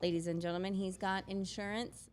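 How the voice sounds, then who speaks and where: A woman's voice: medium pitch, little pitch movement, a little fast. A woman hosting a live talk show, playful and teasing, laughing often in casual chat.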